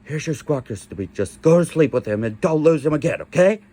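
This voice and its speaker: A performer voicing a tired grown-up caretaker who speaks in a lower, firm, sighing way. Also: lively intonation, fairly quick, warm tone, breathy edge. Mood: weary.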